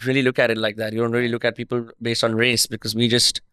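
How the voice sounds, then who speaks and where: A man from India with an Indian accent tinged with an American twang, hosting a podcast with candid, relaxed questions. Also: medium pitch, quick pace, clear, resonant tone, no room sound, clean studio sound. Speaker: podcast host. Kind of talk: casual interview chat.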